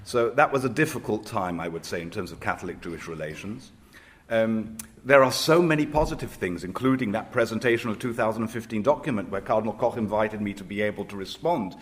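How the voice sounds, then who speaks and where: A rabbi from Israel speaks on a panel in a fairly low voice. He talks in a measured, reflective way. He pauses to hesitate as he tells anecdotes.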